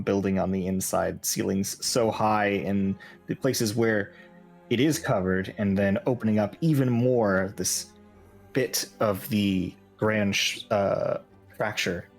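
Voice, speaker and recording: A man with a fairly low voice, narrating a tabletop game in a relaxed, descriptive manner with plenty of "like" and "uh". Soft music runs underneath him. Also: vocal fry. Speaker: game master.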